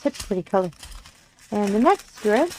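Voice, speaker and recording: A woman's voice: medium pitch, big pitch swings, moderate pace, warm tone, a little hiss or hum. A woman, casually narrating a crafting unboxing, gushing, giggling and often apologizing. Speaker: crafting channel host. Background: crinkling plastic packaging.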